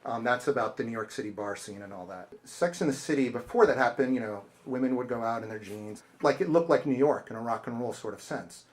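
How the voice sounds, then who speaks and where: A man's voice: medium pitch, brisk, few pauses. A middle-aged man, an author, telling stories to an audience at a bookstore and acting out the people he quotes. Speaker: author giving a bookstore talk. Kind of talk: casual talk with audience Q&A. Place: bookstore event space.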